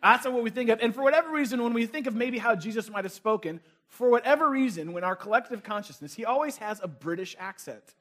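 Playful high-voiced male pastor. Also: fast talker, few pauses, a bit bright. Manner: conversational, playful, asks the crowd questions. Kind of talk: sermon.

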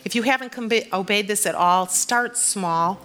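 A middle-aged woman pastor giving a sermon and a closing prayer, personal and gently encouraging. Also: medium pitch, a little slow.

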